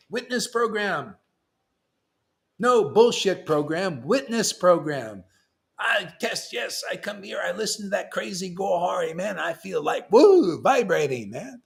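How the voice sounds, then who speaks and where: A man's voice: sits high, vocal fry. A man preaching a devotional class in a fervent, rambling way, quoting verses, calling out to the listeners and often tacking "man" onto his lines. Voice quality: excitable, loud bursts, laughs and shouts, slangy with "man".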